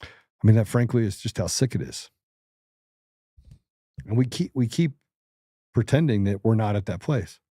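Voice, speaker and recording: A man's voice: on the low side, lively intonation, moderate pace, long pauses, warm tone, dry recording, studio quality. A middle-aged man hosting political commentary, blunt, combative and emphatic. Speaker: host.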